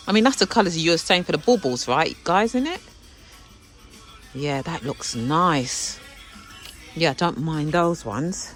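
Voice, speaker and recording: A woman's voice: low voice, expressive, slow pace, long pauses, soft background music, poor audio. A woman chatting to viewers about what she finds while shopping, exclamatory and talkative. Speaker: vlogger. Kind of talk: casual shopping vlog chat. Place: indoor shop.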